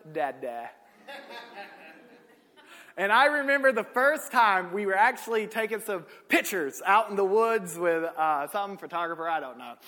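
A man, preaching a sermon with folksy stories, swinging from shouted peaks to low asides. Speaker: pastor. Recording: echoey hall.

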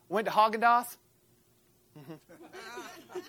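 An American woman preaching a sermon, telling a personal story with lively swings from loud to hushed and acting out the voices she quotes. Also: mid-range voice, normal speed, slight background noise. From United States.

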